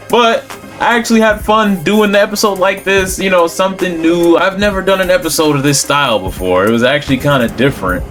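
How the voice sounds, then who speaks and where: A man's voice: high-pitched, moderate pace, fairly bright tone, faint music behind. A man giving voice-over gameplay commentary on a headset mic, telling the story animatedly with silly sound effects. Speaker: gaming YouTuber.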